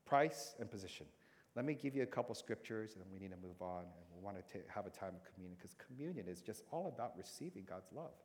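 A man preaching a sermon in a conversational way, moving between emphatic bursts and quiet, hushed stretches. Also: low-pitched, lively intonation, fast talker. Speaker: pastor. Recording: long reverb in a big hall.

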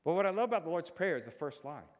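A man preaching a sermon in a conversational way, moving between emphatic bursts and quiet, hushed stretches. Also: a little high, big pitch swings, rapid-fire. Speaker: pastor. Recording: long reverb in a big hall.

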